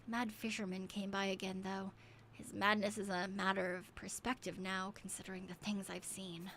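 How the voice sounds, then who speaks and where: A woman reading a shaken island doctor's diary aloud from a game, quiet and half-whispered. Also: medium pitch, little pitch movement, normal speed, slight background noise, natural voice. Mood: uneasy.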